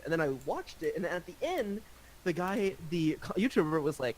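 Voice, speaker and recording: Young man, gaming voice chat, rambling and teasing, lively swooping pitch, slightly high voice. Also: brisk, slight background noise, low-quality recording. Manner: excitable, profane, teasing, rambling. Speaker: gamer chatting on voice call. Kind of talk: casual chat.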